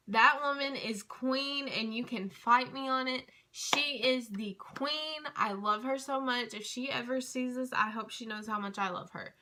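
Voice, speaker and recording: A young woman telling a story in a casual vlog, gushing and chatty with lots of fillers, dropping to a hush at tense moments. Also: fairly high pitch. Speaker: vlogger.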